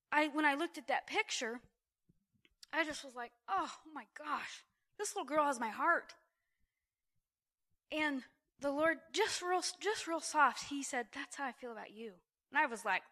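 A middle-aged woman giving a testimony sermon to a church gathering, animated and exclamatory. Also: high-pitched. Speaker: church speaker.

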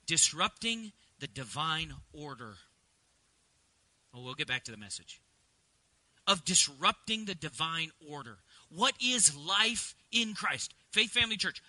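A man's voice: high voice, sharp tone, no room sound, rough recording. A middle-aged male pastor preaching a sermon, mixing chatty asides with emphatic preaching. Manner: conversational, rising to emphatic preaching.

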